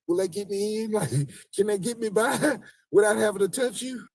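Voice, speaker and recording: A man's voice: high voice, normal speed, darkish tone, far from the mic, voice pushed up. A man voicing a flustered woman who stammers nervous apologies while fumbling for cash.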